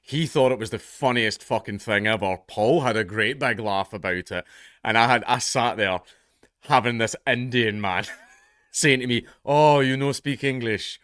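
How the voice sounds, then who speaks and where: A man's voice: on the low side, normal speed, sharp tone, dry recording, clean studio sound. A man in his thirties with a Scottish accent, ranting sardonically through casual commentary and swearing freely.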